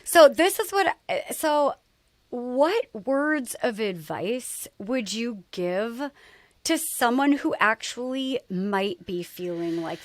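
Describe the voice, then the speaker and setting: A woman's voice: on the high side, animated, slow pace, dry recording. A woman in her forties co-hosting a podcast, talking casually and reacting with open emotion. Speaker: podcast co-host.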